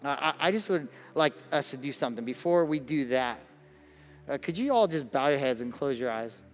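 A man's voice: medium pitch, expressive, brisk, in a large hall, faint music behind. A male pastor preaching a conversational sermon to a congregation. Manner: conversational preaching, acts out quoted voices.

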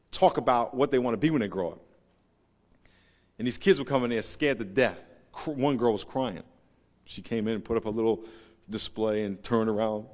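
A male pastor giving a sermon, swinging between low, confiding storytelling and loud, emphatic preaching. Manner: storytelling with laughs and acted quotes. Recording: long hall reverb.

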